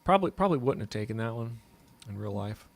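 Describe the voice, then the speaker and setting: A man's voice: fairly low pitch, very animated, fast talker, gravelly. Easygoing man thinking aloud. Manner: casual, joking, thinking aloud. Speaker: co-host. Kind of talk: casual chat.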